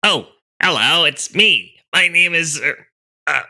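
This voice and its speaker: A young man co-hosting a comedy podcast stumbles awkwardly through his lines. His voice is very bright and a touch high, with lively ups and downs. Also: unhurried. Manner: awkward, hesitant. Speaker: podcast co-host.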